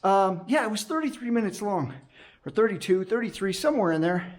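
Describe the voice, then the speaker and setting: A man's voice: sits high, expressive, brisk. A man working as a night security guard, chatting casually to his action camera from a gate booth in a rambling, restless way. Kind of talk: casual vlog chat to camera.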